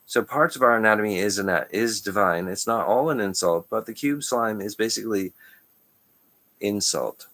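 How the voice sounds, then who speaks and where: A man talking in a loose, rambling monologue, jumping between ideas with restarts and quick chuckles. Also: fairly low pitch, fairly bright tone. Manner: stream-of-consciousness, restarts, frequent chuckles. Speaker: channel host.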